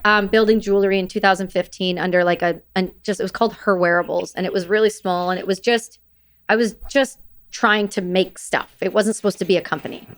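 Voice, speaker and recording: A woman's voice: mid-range voice, steady tone, a little fast. A woman in her thirties, a veteran guest on a podcast, telling her story candidly in casual interview talk and acting out quoted dialogue. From Canada.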